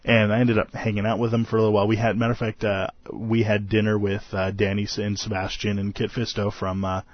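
A man's voice: lowish voice, level tone, fast talker, no echo, lo-fi sound. A tired man hosting a podcast, recapping a convention in a rambling, self-deprecating way and laughing often. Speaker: podcast host.

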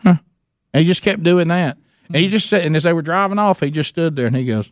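A man, co-hosting a radio talk show and telling a story in an animated way with many restarts. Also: a little high, a little fast, no echo, clean studio sound.

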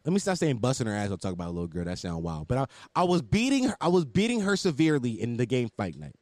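Man, casual storyteller, profane, animated, swooping pitch, dry sound. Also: fast, dry recording.

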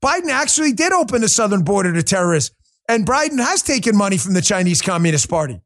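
Ranting man with a high voice. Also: big pitch swings, fast, fairly bright tone. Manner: combative, ranting, sarcastic. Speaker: political talk show host. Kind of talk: livestreamed political commentary.

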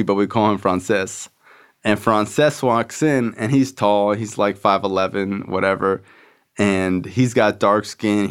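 A young adult man hosting a podcast, telling his own story in a loose, candid way, full of fillers and swearing. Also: on the low side. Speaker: podcast host. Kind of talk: casual personal storytelling.

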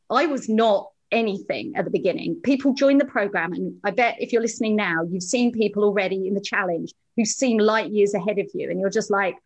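A woman's voice: mid-range voice, fairly quick, poor audio. A woman guest on a podcast, talking in an earnest, encouraging way about her journey. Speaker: podcast guest, program graduate. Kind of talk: casual interview.

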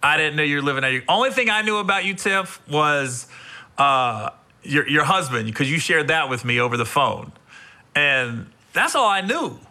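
Male host, animated storyteller, high and lively. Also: moderate pace. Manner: animated storyteller, laughs often. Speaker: podcast host. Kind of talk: casual interview chat.

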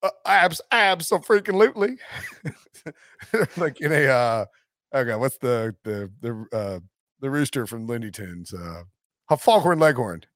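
A man hosting a sports betting podcast, talking in a jokey, animated way and laughing often. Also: mid-range voice, unhurried, dry recording, studio quality. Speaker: podcast host. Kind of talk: casual sports betting chat.

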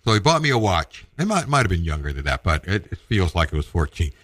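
A middle-aged man casually telling a personal story, with halting restarts and acted-out quotes. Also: low voice, very animated, a bit bright, no echo. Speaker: storyteller guest.

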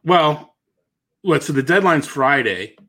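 A man's voice: a little high, animated, takes it slowly, pushed and bright. A man with a Boston accent co-hosting a sports podcast, thinking aloud in casual chat, correcting himself and laughing easily. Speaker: fantasy baseball analyst, co-host.

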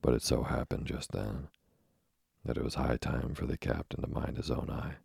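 A man narrates a classic sea story with a very deep, gravelly, husky voice that stays low and flat. His delivery is measured and dramatic, recorded close and dry. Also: dry recording. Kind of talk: audiobook reading of a classic novel.

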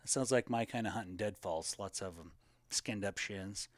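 A man co-hosting a casual live question-and-answer chat about elk hunting, talking in a relaxed, rambling way with plenty of fillers. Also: fairly low pitch, moderate pace, no room sound.

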